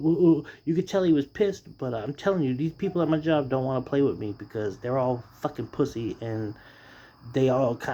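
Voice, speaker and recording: A man rants about his job in a loose, profane storytelling style, jumping into mocking impressions of others. His voice is dark and mellow, and the recording sounds somewhat dull and lo-fi. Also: mid-range voice. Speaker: podcast or vlog host venting about work. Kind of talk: casual rant.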